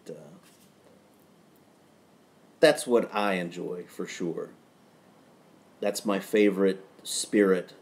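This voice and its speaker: Man, low voice, slow drawl, live-stream host, rambling chat, garage at night. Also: creaky. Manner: relaxed, rambling, chuckling asides.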